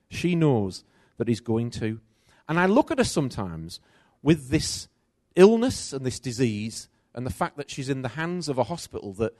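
Animated man preaching a sermon. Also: mid-range voice, no echo, clean studio sound. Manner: personal storytelling, animated swings between loud and soft.

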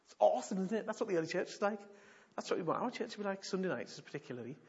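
A pastor preaches in church, telling stories with animation and repeating points for emphasis as he teaches a sermon. His voice is high-pitched and racing, with a breathy edge. The recording is dull and lo-fi.

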